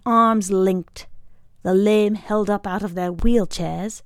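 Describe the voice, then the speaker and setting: A woman reading a short story aloud in a measured storytelling voice. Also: mid-range voice, fairly even intonation, no room sound, clean studio sound. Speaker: reader.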